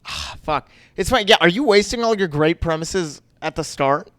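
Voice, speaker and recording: A man's voice: a little high, animated, normal speed, sharp tone, no echo. A man co-hosting a comedy podcast in casual chat, rambling with lots of fillers and repeated yeahs.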